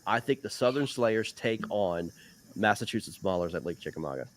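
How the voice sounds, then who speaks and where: A man hosting a casual live stream, upbeat and quick to laugh, trailing into repeated filler words. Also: lowish voice, expressive, slight background noise. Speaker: host, league commissioner.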